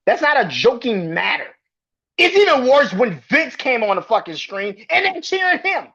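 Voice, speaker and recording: A man hosts his own podcast and rants, exasperated and profane, circling back over the same points. His voice is husky, and his pitch leaps up and down. The recording sounds dull and lo-fi. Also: big pitch swings, moderate pace, sharp tone. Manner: profane, exasperated, repeats himself. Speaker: podcast host. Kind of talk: heated wrestling rant.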